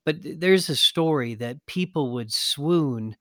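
A man's voice: a little high, animated, a little slow, no room sound. Engaged host man, dry sound. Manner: engaged, prompting, affirming. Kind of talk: interview conversation.

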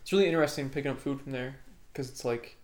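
A man's voice: mid-range voice, fast talker. A young man in casual chat, laid-back and joking with profane banter.

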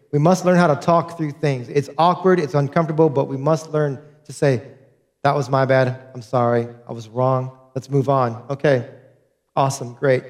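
A man's voice: on the high side, darkish tone. A man preaching a sermon as a pastor, earnest and direct, repeating key points to his congregation.

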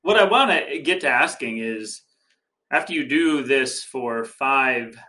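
A man's voice: mid-range voice, animated, slow, sharp tone. A man hosting a podcast, asking his guest curious questions. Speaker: podcast host. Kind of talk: interview questions.

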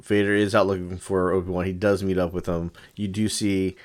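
A man's voice: low voice, level tone, a little fast. A man in casual chat as a podcast co-host, rambling with lots of fillers. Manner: rambling, lots of ums and likes.

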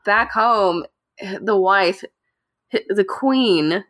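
Brief: woman podcast host, mid-pitched, lively storyteller who laughs often. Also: drawn-out words. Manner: chatty, animated, laughs often. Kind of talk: casual storytelling to friends.

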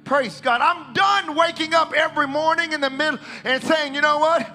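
A man's voice: very high-pitched, normal speed, sharp tone, soft background music. A male preacher delivering a revival sermon in church, calling out and repeating phrases. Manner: calls out, repeats phrases, drops to casual aside. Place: church service with band.

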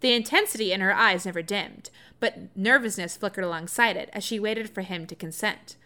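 A woman reading romantic fiction aloud in a soft, expressive storytelling voice, often laughing and breaking in with excited comments. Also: mid-range voice, a little fast. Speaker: reader.

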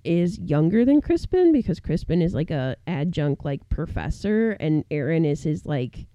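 A woman's voice: sits low, normal speed, no echo, dull audio. A woman podcast co-host casually recapping a horror film, full of "like" fillers and acting out the characters' lines. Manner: animated storyteller who acts out characters in quotes, many "like" fillers.

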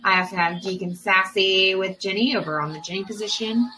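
A woman's voice: mid-range voice, steady tone, brisk, pushed and bright, a little hiss or hum, low-quality recording. A woman co-hosting a podcast, chatting casually with many fillers as she thinks aloud. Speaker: podcast co-host. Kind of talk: casual chat during a movie watch-along.

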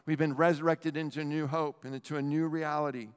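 A middle-aged man preaching a sermon as pastor, animated and talking straight to the congregation. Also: on the high side, fast talker, clean tone. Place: church hall. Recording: long hall reverb.

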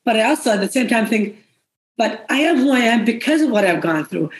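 Middle-aged mom talking straight from the heart, kinda high voice, echoey room. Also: female voice, lively intonation, brisk. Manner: heartfelt, blunt, swears. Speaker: guest, mother. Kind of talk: emotional casual chat.

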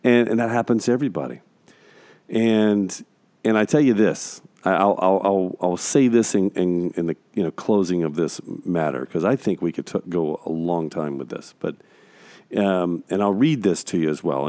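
A man's voice: sits low, normal speed, warm tone, dry recording. A man co-hosting a casual faith discussion podcast, talking in an earnest way and stacking emphatic repeated phrases. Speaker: podcast co-host.

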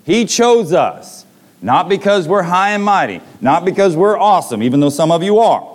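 Guy preaching, kinda high voice, acts out the quotes. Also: expressive, moderate pace. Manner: dramatic retelling with voiced quotes. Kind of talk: sermon.

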